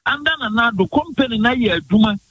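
A man's voice: extremely high pitch, lively intonation, a bit bright, highs cut off, slight background noise. A man from Ghana's Bono region with a Ghanaian accent, a guest on a radio morning show, arguing politics emphatically and mixing in English phrases. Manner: emphatic, rapid-fire, mixes in English phrases. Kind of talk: heated political argument on radio.

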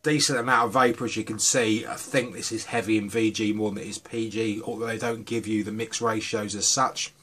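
A man's voice: fairly low pitch, steady tone, brisk, few pauses, sharp tone. A man chatting casually through a vape juice review, rambling a little and poking fun at himself. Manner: chatty and self-deprecating, with rambling asides.

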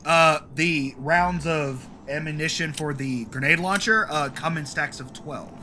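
Man streamer, excitable, swears, high voice, unhurried, game music behind. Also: slight background noise. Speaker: gaming streamer. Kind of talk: casual let's play commentary.

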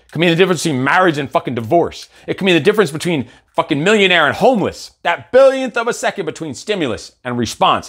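Middle-aged guy coaching live, swears a lot, pitch jumps all over, sits a bit high. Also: fairly bright tone. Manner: blunt, profane, intense. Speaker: coach and show host. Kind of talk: live motivational monologue.

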